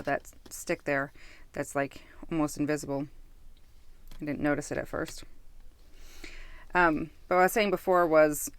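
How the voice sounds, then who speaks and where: With a low-pitched voice and no echo, a woman casually reviews a tarot deck. She muses aloud, gets sidetracked easily, loses her thread, and interrupts herself with corrections.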